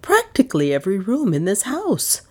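A woman's voice: mid-range voice, huge pitch swings, husky, voice pushed up. A woman voicing a proud, resolute older lady of the house who speaks decidedly. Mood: anxious. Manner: decided, brisk.

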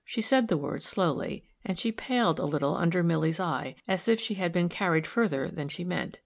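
A woman reading a novel aloud in steady, measured narration. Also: lowish voice, gravelly. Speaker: audiobook reader. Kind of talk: scripted narration.

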